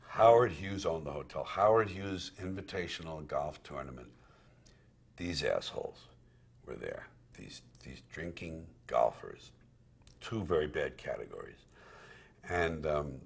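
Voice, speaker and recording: A comedian recalling his career in candid, profane storytelling, acting out what he once said. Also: low voice. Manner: candid and profane, acts out quoted dialogue. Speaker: stand-up comedian.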